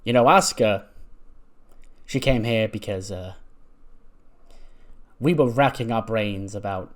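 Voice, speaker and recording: A man's voice: on the low side, a little slow, natural voice. Man voicing a sly scheming woman wrestler. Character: scheming female wrestler recruiting an ally.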